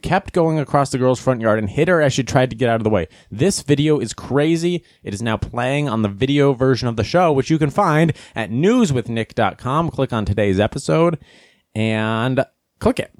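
A man hosting a podcast, telling a casual comic story and commenting on the news, acting out quotes in high voices. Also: animated, moderate pace, dry recording, clean studio sound. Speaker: podcast host.

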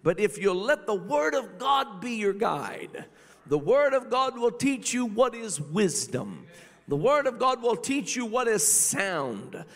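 A man's voice: high voice, very animated, slow, fairly bright tone. A man preaching a sermon with a rhythmic cadence, repeating phrases and calling out hallelujah. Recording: long reverb of a large hall.

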